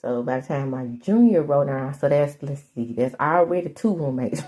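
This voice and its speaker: A middle-aged woman from Mississippi hosting a casual podcast, chatty and animated, full of slangy asides. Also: extremely low pitch, moderate pace. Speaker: podcast host recapping a TV soap. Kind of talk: casual chat.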